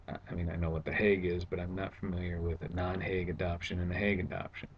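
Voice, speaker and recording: A man's voice: deep voice, level tone, fast talker, highs cut off, slight background noise. A man telling a story in a casual home vlog, recounting his frustrations in a sarcastic, exasperated way. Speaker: vlogger. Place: at home indoors.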